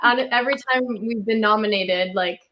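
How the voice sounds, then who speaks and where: Relaxed young woman, lots of "like". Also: mid-range voice, moderate pace, a little hiss or hum. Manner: relaxed, heavy use of filler "like". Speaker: musician in a duo, guest. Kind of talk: casual interview chat.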